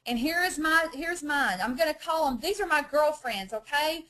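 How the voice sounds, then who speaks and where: A woman's voice: high-pitched, moderate pace, sharp tone, rough recording. Chatty woman teaching Bible study. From North Georgia, USA. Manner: chatty, self-deprecating, laughs often.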